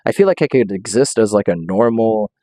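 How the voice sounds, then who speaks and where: A man's voice: fairly low pitch, expressive, fairly quick, warm tone, no echo, clean studio sound. A man streaming, rambling through a comedic monologue, often laughing and acting out quotes in silly voices.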